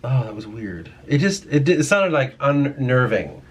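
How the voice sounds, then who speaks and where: A man's voice: medium pitch, sing-song, normal speed, husky. A young man musing casually to his camera at home, rambling and swearing often, trailing off mid-thought. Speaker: vlogger. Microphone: camera mic.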